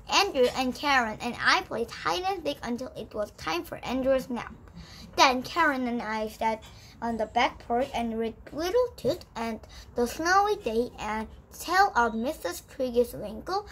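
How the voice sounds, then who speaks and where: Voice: mid-range voice, fairly bright tone, breathy edge, poor audio. A child whose first language is Korean, reading an English storybook aloud and practising pronunciation, often stopping to repeat and correct words. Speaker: young English learner.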